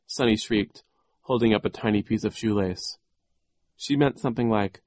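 A man narrating an audiobook in a rather low voice, measured and deliberate in his storytelling. The recording is close and very dry. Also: no room sound.

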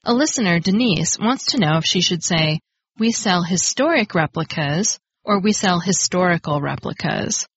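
A woman hosting a podcast, reading a scripted grammar lesson in a clear, explanatory way and stressing the key words. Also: fairly low pitch, animated, normal speed, dry recording. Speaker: podcast host. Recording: dry, slightly dull lo-fi studio recording.

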